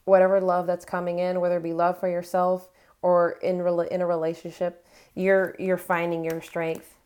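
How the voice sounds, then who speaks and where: A woman with a slightly low voice gives a tarot reading to camera. She speaks earnestly and with feeling, offering encouragement and affirmations directly to her viewers. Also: monotone, normal speed, a little mellow. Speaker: tarot reader.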